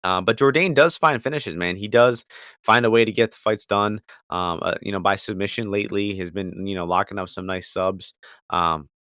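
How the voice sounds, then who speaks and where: Man, low voice, dry close sound, loose profane chatter, stumbles over names. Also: normal speed, a bit bright, no room sound. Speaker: podcast co-host, betting picks. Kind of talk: casual chat.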